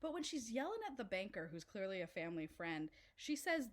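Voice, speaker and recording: A woman co-hosting a podcast, chatting casually about a film, animated and laughing as she mimics characters. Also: mid-range voice, brisk, few pauses. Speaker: podcast co-host. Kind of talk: casual film-review chat.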